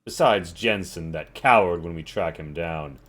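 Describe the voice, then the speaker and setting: A man voicing a commanding female warrior leader, proud and stern, speaking in a forceful, declaiming way. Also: deep voice, unhurried, pitched below the performer's own voice.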